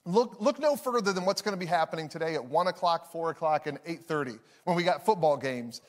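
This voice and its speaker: A man's voice: fairly high pitch, animated, a little fast. A man in his thirties, a pastor preaching a sermon to a live room, telling a story with frequent restarts and acting out the voices in it. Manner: acts out voices in anecdotes. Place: church hall with live audience.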